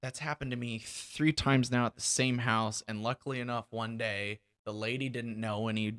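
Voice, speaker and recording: A man's voice: medium pitch, steady tone, normal speed, fairly bright tone, smooth. A young man hosting a podcast, chatting casually and telling blunt, profane stories. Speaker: podcast host. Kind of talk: casual chat.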